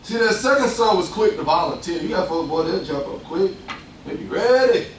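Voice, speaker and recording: A young man preaching a lively, conversational sermon, acting out voices and laughing often. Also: high-pitched, moderate pace, a little hiss or hum. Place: church. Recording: echoey distant room sound.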